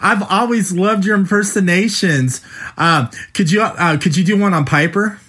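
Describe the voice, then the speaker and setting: A man's voice: sits high, moderate pace, fairly bright tone, husky. A man hosting a casual interview, easygoing and enthusiastic. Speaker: host.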